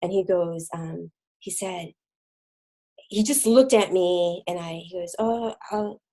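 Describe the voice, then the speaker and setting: A middle-aged woman telling her own story as an interview guest, halting, with many fillers and restarts, dropping very quiet at hard moments. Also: on the low side, poor audio. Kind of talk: personal testimony in an interview.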